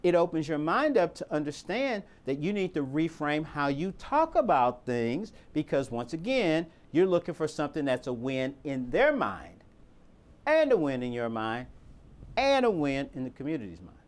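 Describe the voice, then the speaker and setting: A man leads a training session for volunteers. His fairly high voice swings widely in pitch as he stresses each point. He poses rhetorical questions and repeats himself for emphasis. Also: very animated, normal speed.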